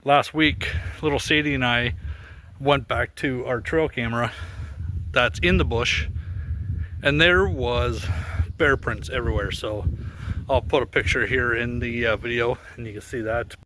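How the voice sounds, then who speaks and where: A man's voice: medium pitch, a little slow, sharp tone, a little hiss or hum. A man casually vlogging while walking through snowy bush, rambling with fillers and getting out of breath. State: out of breath in deep snow. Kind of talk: casual outdoor vlog.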